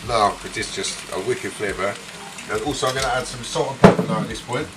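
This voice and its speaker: A man talking through a recipe step by step as he cooks, in a relaxed casual way. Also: lowish voice, a little fast, distant mic. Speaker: home cook host. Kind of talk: casual cooking demonstration. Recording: roomy kitchen from off-mic, with noise.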